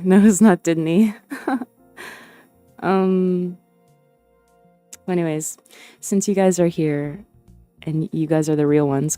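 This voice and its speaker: A woman's voice: sits low, mellow. A young woman streamer chatting casually and hesitantly, with lots of fillers and restarts. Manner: rambling and hesitant, many fillers and restarts, laughs often. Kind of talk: casual livestream chat.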